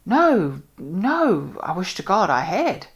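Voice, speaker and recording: A woman's voice: on the low side, very animated, slow pace, pitched above the performer's own voice, heavily acted. A woman reading aloud and voicing a tired, troubled male doctor who speaks vaguely and hesitantly. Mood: weary.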